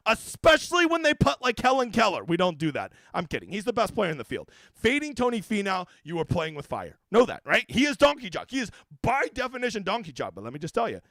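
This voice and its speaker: Fast-talking brash, profane man. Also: sits high, huge pitch swings, a bit bright, no echo. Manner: brash, profane, joking rants. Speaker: fantasy sports golf analyst. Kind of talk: casual livestream commentary.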